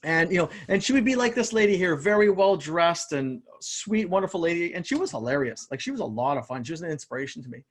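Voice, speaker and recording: Energetic male motivational speaker, high voice, stumbles and repeats words, talks straight to "you guys" over a video call. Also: quick pace, hardly any pauses. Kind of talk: live online motivational talk.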